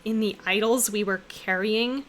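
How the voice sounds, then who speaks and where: A woman streamer reacting casually to a visual novel, loud and exclaiming, with swearing and laughter. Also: mid-range voice, steady tone, normal speed.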